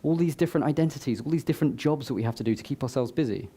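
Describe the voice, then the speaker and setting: A man's voice: medium pitch, very fast, mellow, husky. A man giving a motivational talk to a live audience, conversational, with joking asides to the crowd. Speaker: summit speaker. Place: live event before an audience.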